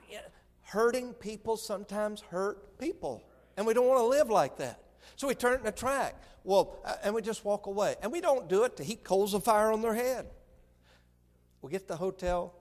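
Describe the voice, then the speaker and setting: High-voiced preacher in a hall. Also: male voice. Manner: folksy storytelling, stammers on restarts. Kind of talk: sermon.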